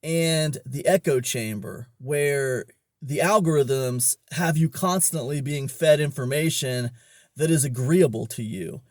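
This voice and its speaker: A man's voice: fairly high pitch, unhurried, a little mellow, no echo. Rambling man, dry close sound. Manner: rambling, many fillers and restarts. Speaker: online business vlogger. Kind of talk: casual storytelling monologue.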